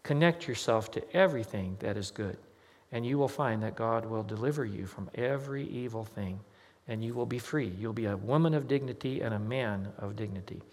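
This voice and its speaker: A man's voice: fairly low pitch, brisk, a little mellow. A male pastor preaching a sermon, telling a personal story in a conversational way and acting out the dialogue. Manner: conversational, anecdotal, acts out quoted dialogue. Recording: long hall reverb.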